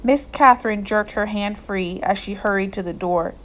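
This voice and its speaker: A woman reading a novel aloud in steady storytelling narration. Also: mid-range voice, moderate pace. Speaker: audiobook reader.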